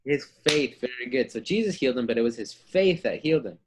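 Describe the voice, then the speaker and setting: A man's voice: medium pitch, animated, quick pace, slight background noise. A man teaching a Bible lesson to children, asking them questions and acting out the story's voices. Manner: acts out story voices, asks kids questions.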